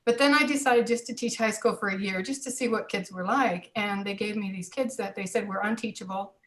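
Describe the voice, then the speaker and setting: An older woman in her sixties, talking as an interview guest about her years in teaching. She tells her stories in a lively, conversational way, voicing both sides of remembered exchanges. Her voice sits at an ordinary middle pitch for a woman. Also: fairly quick, rough recording. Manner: animated, acts out dialogue in quotes. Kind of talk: personal storytelling.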